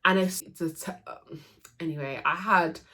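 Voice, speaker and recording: Young woman vlogger with a low voice, casual and emotional retelling, many fillers and restarts. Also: moderate pace, sharp tone. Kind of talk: casual storytelling to camera.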